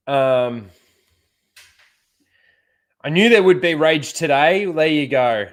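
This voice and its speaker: A man's voice: a little high, animated, drawn-out words, pauses often. Swearing man streaming casually. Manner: swears freely, chuckles often. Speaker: livestream host. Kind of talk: casual livestream chat.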